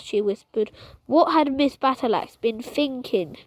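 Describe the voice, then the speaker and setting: High-voiced woman reading a children's book aloud. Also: slow, no room sound, rough recording. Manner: lively reading with frequent stumbles and restarts. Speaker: storytime reader.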